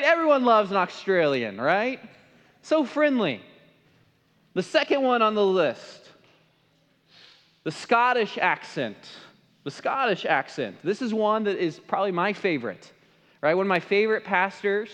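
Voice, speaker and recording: Emphatic preacher in a reverberant hall. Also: male voice, high voice, a bit bright. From American Midwest. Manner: emphatic, asks the congregation questions. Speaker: pastor. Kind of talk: sermon. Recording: long reverb of a large hall.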